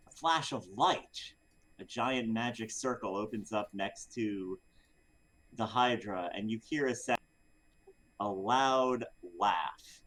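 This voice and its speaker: A man narrating the opening of a tabletop game, storytelling with dramatic pauses. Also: fairly low pitch, a bit bright, poor audio. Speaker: player.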